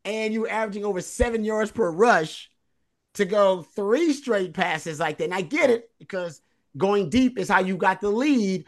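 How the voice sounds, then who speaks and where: A man's voice: high voice, lively intonation, normal speed. A man co-hosting a sports podcast, analyzing a football game in casual talk and stressing points by repeating phrases. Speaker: co-host.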